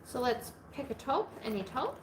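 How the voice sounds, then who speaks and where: A chatty woman keeps up a running commentary on her sewing, her voice pitched a bit high and swinging widely up and down. She sounds a little hoarse after hours of talking. Her voice rings in an echoey room with faint noise behind it. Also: sing-song, normal speed. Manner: chatty and playful, narrating each step aloud. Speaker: sewing livestream host. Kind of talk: casual livestream chat while sewing.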